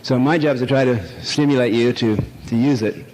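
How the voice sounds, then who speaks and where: A man's voice: medium pitch, expressive, fairly quick, a little mellow. An older man giving an irreverent, rambling public lecture, full of jokes and fillers, to a live audience. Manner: irreverent, rambling, jokey storytelling with many fillers. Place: large lecture hall. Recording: echoey hall, faint noise.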